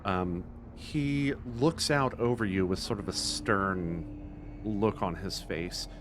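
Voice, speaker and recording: A man's voice: deep voice, slow pace, noisy background. A man narrating a tabletop game as game master, hesitant with many fillers.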